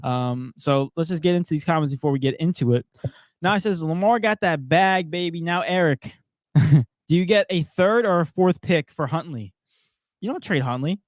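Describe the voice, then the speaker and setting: A man's voice: fairly high pitch, moderate pace, no room sound, studio quality. A young man co-hosting a casual sports podcast, joking and reading viewer comments aloud. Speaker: podcast co-host.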